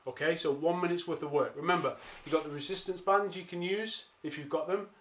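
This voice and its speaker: Male calisthenics coach, high voice, echoey room at home, upbeat follow-along cues. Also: a little fast, a bit bright. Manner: encouraging, counts down reps, trips over words. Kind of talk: follow-along workout instruction. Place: home during lockdown, exercising on the floor.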